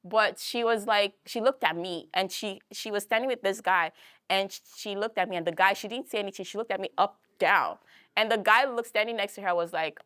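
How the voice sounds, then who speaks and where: A young woman with a Philadelphia accent telling a personal story in a talk, animated and full of fillers, acting out the voices she quotes. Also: medium pitch, brisk, dry recording. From United States. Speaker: guest speaker.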